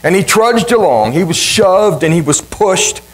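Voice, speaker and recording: A male pastor preaching a sermon with emphatic, dramatic repetition and swings in pitch. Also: expressive, unhurried, rough recording. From Ohio, USA.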